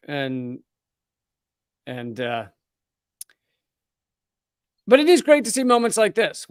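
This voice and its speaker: A man's voice: a little high, smooth, no echo, studio quality. Sardonic, profane male commentary host. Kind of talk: live political commentary.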